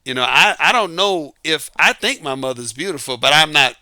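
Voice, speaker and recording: Middle-aged guy giving dating advice, super bright crisp voice, dry close sound, keeps asking you questions. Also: a little high, expressive, normal speed, no room sound. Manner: emphatic, asks rhetorical questions. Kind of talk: casual monologue.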